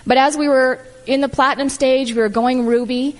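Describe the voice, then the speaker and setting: A middle-aged woman telling her personal story to an audience, animated and emphatic, acting out the lines she quotes. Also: sits high, normal speed. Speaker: guest speaker. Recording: long hall reverb.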